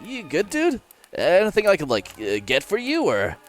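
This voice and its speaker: A man's voice: sits high, wildly swooping pitch, normal speed, soft background music, pitched above the performer's own voice. A man voicing a laid-back young male roommate in a horror story, asking with concern whether his friend is all right. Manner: casual bro talk, concerned.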